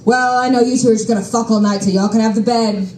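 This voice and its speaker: A man's voice: high-pitched, fairly even intonation, fast talker, a little mellow, reverberant, recorded from a distance, slight background noise, pitched above the performer's own voice, natural voice, low-quality recording. A woman quoting a sulky drunk young man. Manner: petulant, accusing.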